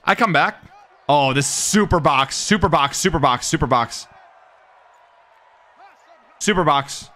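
A young man commentating his own live game stream, cocky and hyped, trash talking and yelling at the game. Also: a little high, expressive, a little slow, long pauses.

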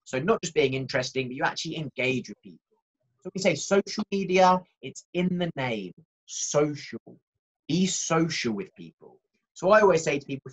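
A man presenting a marketing workshop in a lively, conversational way, talking straight to his audience. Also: medium pitch, slightly rough, poor audio.

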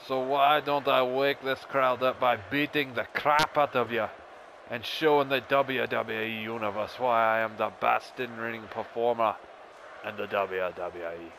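A man putting on a raised voice for an arrogant, menacing male wrestling heel, loud, mocking and threatening. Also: mid-range voice, fairly even intonation, a little slow, slight background noise, rough recording. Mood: taunting.

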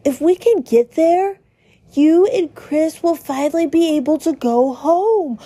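A woman putting on a gentle, upbeat young prince from a video game. He speaks softly and kindly, slightly raised and unhurried. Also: high voice. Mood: cheerful. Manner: soft, cheerful.

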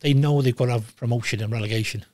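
An older man in his sixties, talking bluntly and with lots of swearing in a casual interview, telling animated stories. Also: medium pitch, quick pace, no echo, clean studio sound. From Wales. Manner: blunt, profane, animated storytelling. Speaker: guest, former goalkeeper.

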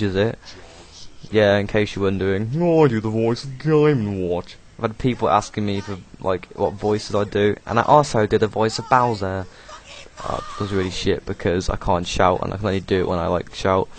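A young British man casually commenting over his own video, rambling, swearing and laughing as he goes. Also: on the low side. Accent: British English. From Britain. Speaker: video creator doing commentary.

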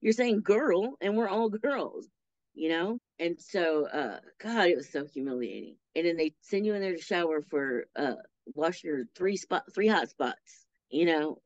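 A woman guest telling her story in an interview, animated and acting out the voices of people she quotes. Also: sits low, normal speed, hardly any pauses, no room sound, dull audio. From Texas.

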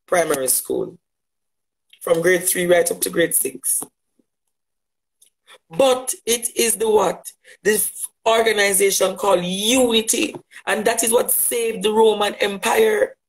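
A man's voice: sits high, low-quality recording. A man with a Jamaican accent giving an impassioned livestream address, emphatic, with rhetorical questions and repetition. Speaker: activist on a livestream.

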